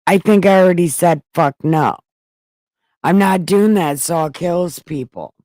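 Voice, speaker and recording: A panicky, foul-mouthed woman medium voiced by a woman, cursing and exasperated in a comic retelling. The voice sits low and close, with a dry, unechoing sound. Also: big pitch swings, a little slow, darkish tone, no room sound, exaggerated voice. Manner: swearing, exasperated.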